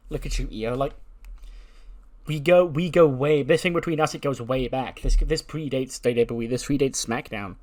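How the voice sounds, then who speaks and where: A man's voice: medium pitch, moderate pace, a little mellow, close to an everyday voice. A man voicing a determined female wrestling challenger who delivers a heated, earnest promo. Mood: defiant.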